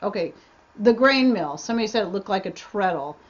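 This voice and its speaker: A chatty woman answers viewer questions on her homestead livestream, rambling and restarting her sentences as she goes. Her voice sits at an ordinary middle pitch. The webcam audio sounds a bit dull. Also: animated, brisk. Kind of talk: casual livestream Q&A chat. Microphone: webcam mic.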